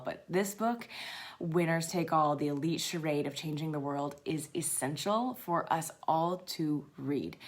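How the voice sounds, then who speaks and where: Low-voiced enthusiastic woman. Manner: enthusiastic, laughs often, drops to soft whispers. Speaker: seed company host. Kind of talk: live Q&A chat.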